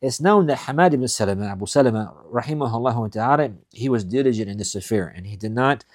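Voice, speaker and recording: Fast-talking male teacher, dry sound. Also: medium pitch, lively intonation, dry recording. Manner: reads Arabic quickly, then explains it in English with repetition; deliberate, emphatic, repeats key points. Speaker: Islamic studies teacher. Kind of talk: recorded lesson explaining classical texts.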